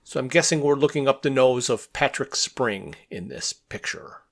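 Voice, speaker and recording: A man's voice: medium pitch, moderate pace, vocal fry. A man co-hosting a podcast, talking through a comic with dry, wry remarks. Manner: dry, wry asides while reading along. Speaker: podcast co-host. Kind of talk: casual comic book discussion.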